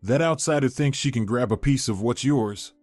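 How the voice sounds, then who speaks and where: A man's voice: mid-range voice, normal speed, a little mellow, no echo, soft background music, natural voice. A man voicing a scheming, domineering older woman who speaks scornfully and commandingly.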